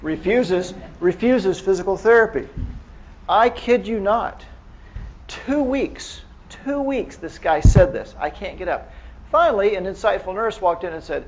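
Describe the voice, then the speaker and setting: A man's voice: high voice, lively intonation, a little slow, highs cut off. A man giving a live lecture to clinicians, speaking casually and asking the audience rhetorical questions. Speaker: medical lecturer.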